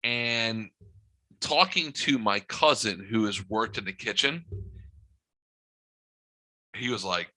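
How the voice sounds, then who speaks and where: A man co-hosting a podcast in casual chat, halting and restarting often, with some swearing. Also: lowish voice, bright, forceful tone, low-quality recording. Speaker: podcast co-host.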